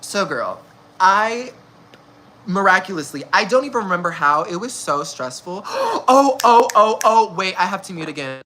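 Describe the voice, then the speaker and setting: Lively gossiping young woman. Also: mid-range voice, moderate pace. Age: young adult. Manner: gossipy, animated, slangy, laughing often. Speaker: vlogger. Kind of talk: casual storytime chat.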